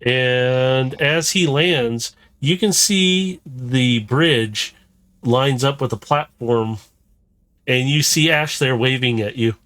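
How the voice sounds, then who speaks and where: A man runs the game, describing each scene in a loose, chatty flow with frequent chuckles. His voice sits at an ordinary middle pitch. The sound is dry and close, with no room echo. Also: slow pace, a bit bright. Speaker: game master. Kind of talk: narrating a tabletop game.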